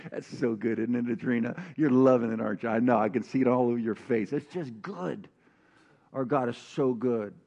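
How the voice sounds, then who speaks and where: A man preaching a sermon as pastor, telling a personal story and reading scripture, animated and calling on the congregation to answer back. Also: medium pitch, moderate pace, lo-fi sound. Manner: animated, calls for congregation responses.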